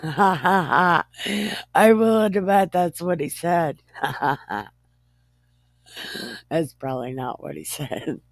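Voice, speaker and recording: Slow, giggly woman reading scripture. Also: low-pitched, expressive, mellow, no echo. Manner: giggly, stumbles over words and jokes as she reads. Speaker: Bible reader. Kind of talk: irreverent comedic Bible reading.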